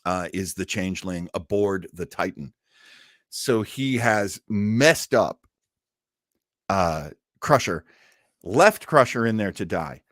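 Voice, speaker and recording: A man co-hosts a casual review show in an animated way. His pitch swings widely, jumping high when something surprises him. He sits on a dry, close mic. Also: takes it slowly, no echo. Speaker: podcast co-host.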